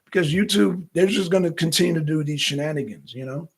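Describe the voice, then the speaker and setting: A man hosting a casual livestream, reading chat comments and reacting with restarts, casual swearing, and sudden loud high bursts. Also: quick pace, creaky, husky. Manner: animated, swings loud and high when excited.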